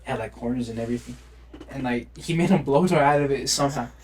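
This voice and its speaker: A young man co-hosting a casual podcast. He drops in short agreeing replies and tells stories in an animated way. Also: mid-range voice, quick pace, slight background noise. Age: young adult. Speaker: podcast co-host. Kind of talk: casual chat.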